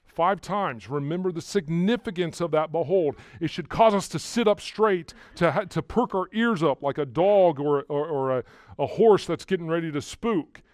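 A man preaching a sermon to a congregation, walking through verses and rising loudly on key words, often repeating himself. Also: a little high, normal speed, no room sound. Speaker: pastor.

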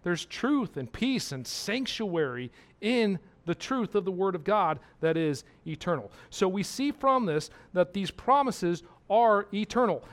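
Male preacher, high voice, emphatic sermon delivery with repeated points and questions to the congregation. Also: sing-song, unhurried.

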